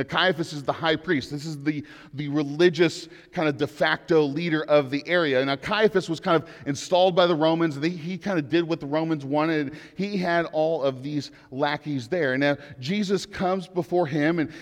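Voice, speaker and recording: A man delivers an earnest, reflective sermon, pausing to read and unpack scripture. His voice sits a little high for a man. The sound carries a long reverb, as in a large hall. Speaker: pastor.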